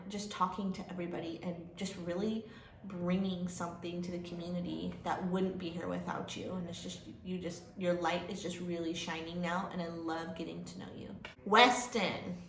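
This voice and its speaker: A woman's voice: lowish voice, steady tone, moderate pace, creaky. A woman giving heartfelt end-of-year praise to students, emotional and laughing. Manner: warm, emotional, laughing, gets choked up. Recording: echoey room with faint noise.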